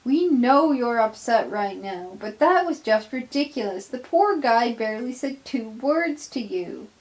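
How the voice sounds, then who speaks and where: A woman's voice: fairly high pitch, animated, measured pace. A woman voicing an exasperated male train driver scolding his engine.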